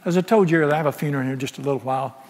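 Folksy preacher in a reverberant church. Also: male voice, on the high side, very fast. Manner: folksy, impassioned preaching, dropping to soft near-whispers. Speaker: pastor. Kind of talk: sermon. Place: large church sanctuary. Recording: echoey sanctuary with long reverb.

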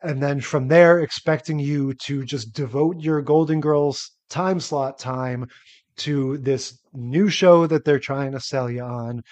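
A man co-hosting a TV podcast in casual chat, measured and analytical. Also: mid-range voice, a little mellow. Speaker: podcast co-host.

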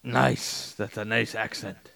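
A man's voice: fairly low pitch, steady tone, takes it slowly, gravelly, bright, forceful tone. A man co-hosting a podcast in casual chat, mostly giving short reactions and asking curious questions. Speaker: podcast co-host.

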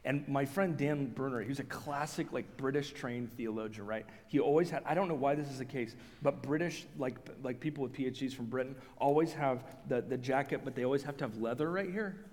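A man preaching a sermon as pastor, telling stories in a lively way and acting out the voices of the people he quotes. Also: medium pitch, a little fast, few pauses, long reverb tail. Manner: animated storyteller, acts out quoted voices, self-restarting.

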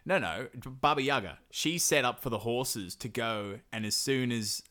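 A man, casually retelling a folk tale on a comedy podcast, rambling, swearing, and slipping into quick silly voices for the characters. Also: medium pitch, bright, forceful tone.

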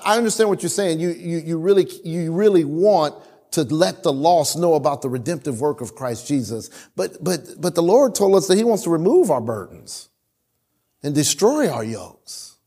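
A male pastor preaching a sermon in church, animated, swinging between loud emphasis and quiet asides and often repeating words as he restarts. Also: on the high side, normal speed, husky.

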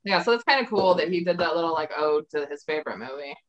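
A woman's voice: low-pitched, fast talker, muffled recording. A woman and mother co-hosting a podcast, teasing the others in casual movie chat. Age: adult parent. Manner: teasing, lively. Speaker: podcast co-host.

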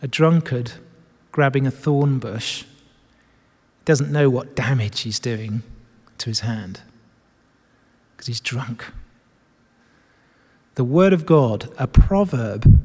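A man preaching a sermon, swinging between loud emphatic lines and soft, low asides. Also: slow, pauses often, breathy edge, big-room sound. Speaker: pastor. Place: church hall with screens.

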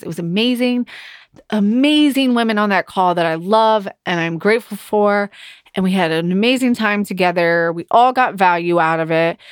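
Frank, swearing woman podcaster, low voice. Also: dry recording, studio quality. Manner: frank, heavy swearing, emotional storytelling. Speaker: podcast host. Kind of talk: candid personal monologue.

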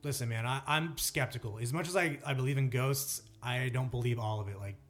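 A man's voice: mid-range voice, fairly quick, fairly bright tone, soft background music. A man co-hosting a podcast, telling a story in casual chat with many fillers and restarts. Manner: rambling storyteller, lots of fillers. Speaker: podcast co-host.

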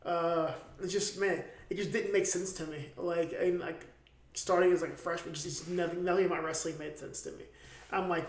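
A man's voice: fairly high pitch, fairly even intonation, moderate pace, reverberant. A man in his thirties from Ohio, a fighter talking casually, loose and profane with lots of restarts. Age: 30s. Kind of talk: casual chat.

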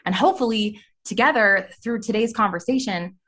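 A woman's voice: medium pitch, fairly quick, a bit bright. A woman in her thirties telling a candid personal story on a podcast, talking openly about her past. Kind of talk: personal testimony in conversation.

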